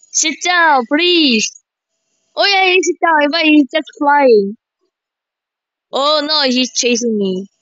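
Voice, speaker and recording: High-voiced woman gaming streamer, yelps and exclaims, talks slow, dry kinda lo-fi mic. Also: no echo. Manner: excitable, frequent exclamations. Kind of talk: excited gameplay commentary. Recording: slightly dull lo-fi mic.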